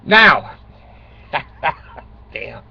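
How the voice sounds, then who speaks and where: A man's voice: fairly high pitch, big pitch swings, drawn-out words, creaky, pushed and bright, breathy edge. An older man telling rambling, self-mocking comic stories, swearing and chuckling, on a dull lo-fi recording. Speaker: vlogger.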